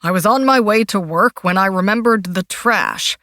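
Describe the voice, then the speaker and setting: In a dry, close audiobook reading, a woman voices a frantic middle-aged husband. He talks loud and high, desperate and defensive, and his voice strains as he pleads. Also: normal speed, no echo, natural voice. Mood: strained.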